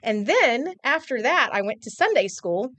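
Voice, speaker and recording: A news anchor in her forties talks at moderate pace in a voice on the high side, with no room sound. Chatting casually on air in a TV news studio, she tells an animated story and acts out the quotes.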